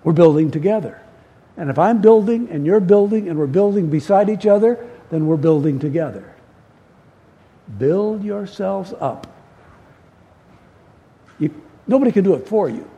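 High, lively preacher man, breathy voice. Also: a little fast. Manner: emphatic, repeats key words, asks the congregation questions. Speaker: pastor. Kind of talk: sermon.

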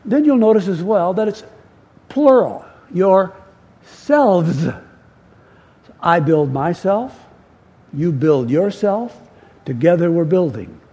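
A man's voice: sits high, expressive, slow, pauses often, dark tone, husky. A middle-aged male pastor preaching a sermon, emphatic, repeating key words and asking the congregation questions.

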